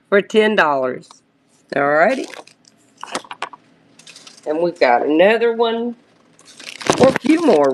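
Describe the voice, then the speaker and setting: This woman's tone is fairly bright as she sells vintage brooches over a live stream. Her pitch is casual and stop-start, with frequent pauses while she searches for words.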